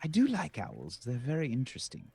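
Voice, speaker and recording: A man voicing a polite, formal adventurer who speaks in a measured, persuasive way. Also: medium pitch, wildly swooping pitch, creaky, dark tone, breathy edge, no room sound, exaggerated voice. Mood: earnest.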